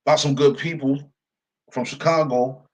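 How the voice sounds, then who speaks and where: A young commentator tells a story as a casual, profane rant, leaning on "yo" and "right?" for emphasis. His medium-pitched voice stays steady at a measured pace, and the recording is rough.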